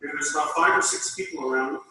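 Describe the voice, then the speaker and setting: Guy telling a story, bright and bouncy voice, played off a tiny laptop speaker in an echoey hall, far away. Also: on the high side, fast talker, a little hiss or hum. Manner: lively, acts out the other voices in his story. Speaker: former phone phreak telling a story. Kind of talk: recorded first-person storytelling. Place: lecture hall.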